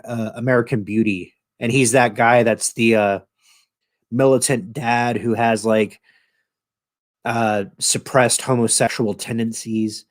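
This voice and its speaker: A man hosting his own channel, casually retelling a show in a rambling, profane way with lots of fillers. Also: lowish voice. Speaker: channel host.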